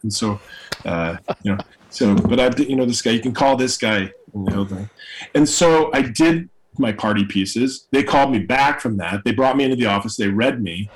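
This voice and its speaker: Man, middle-aged, from new york, actor guest, lively anecdotes, acts out quotes, mid-pitched voice. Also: moderate pace, slight background noise, poor audio. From New York City. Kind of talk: storytelling in conversation.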